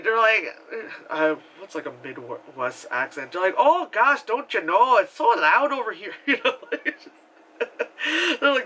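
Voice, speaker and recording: Brief: young male reviewer, slightly high bright voice, rambling, cursing, excitable. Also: a little hiss or hum, poor audio. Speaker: movie reviewer.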